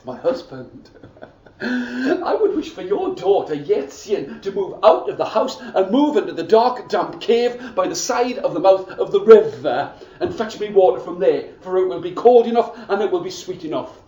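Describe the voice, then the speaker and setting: A man's voice: sits high, very animated, moderate pace, dark tone, highs cut off. Man doing a scratchy wicked stepmother, demanding and sneering, echoey room heard from a distance. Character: wicked scheming stepmother, grown woman.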